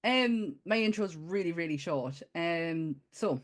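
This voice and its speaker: A woman co-hosting a podcast in a casual chat, lively and quick to laugh. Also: fairly low pitch. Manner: lively, laughs often, exclaims. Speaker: podcast co-host.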